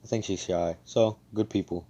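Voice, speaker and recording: Brief: young man, laid-back slangy storyteller, deep voice. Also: steady tone, normal speed, warm tone, muffled recording. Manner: casual, slangy, profane, many fillers. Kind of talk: casual fan-fiction retelling.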